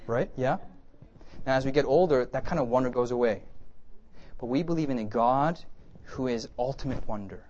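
A man giving a conversational sermon lecture with slides, lively and often checking in with his listeners. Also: mid-range voice, a little fast, long pauses, lo-fi sound, a little hiss or hum. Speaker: preacher teaching a class.

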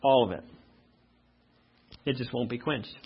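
A man preaching a sermon as pastor, reading verses slowly and loudly, then dropping to quiet asides. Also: medium pitch, breathy edge, dull audio.

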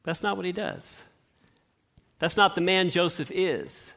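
A man preaching a sermon, telling a scripture story with expressive shifts and rhetorical questions. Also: sits high, unhurried, gravelly. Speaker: pastor.

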